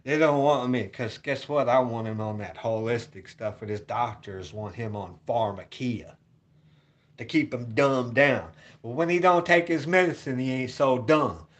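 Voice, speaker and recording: A man vlogging a rambling, repetitive rant at home, cursing and swinging from loud hollering to low mutters. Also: unhurried, muffled recording.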